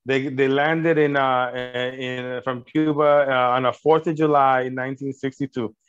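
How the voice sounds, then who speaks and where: A man's voice: medium pitch, fairly even intonation, moderate pace, clear, resonant tone. A middle-aged man, a filmmaker and actor, talking in a casual interview, earnest and rambling with many fillers and restarts. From United States. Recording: dull lo-fi audio.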